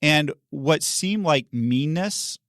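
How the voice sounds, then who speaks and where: A man's voice: fairly high pitch, expressive, takes it slowly, a bit bright, no echo, clean studio sound. A middle-aged man, a pastor, telling a story on a church podcast in a chatty way, laughing often and acting out the people he quotes.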